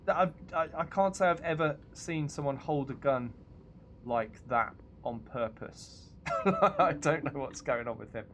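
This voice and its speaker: A man's voice: a little high, a little slow, fairly bright tone, slight background noise. A British man hosting a game stream, giggly and self-mocking as he comments on the game. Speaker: streamer host. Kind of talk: gameplay commentary.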